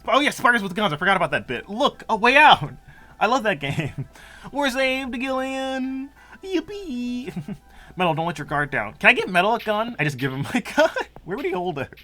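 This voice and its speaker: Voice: medium pitch, very animated, normal speed, sharp tone. A let's-play gamer giving casual, jokey, giggly commentary while playing. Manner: giggly, jokey, reacts aloud.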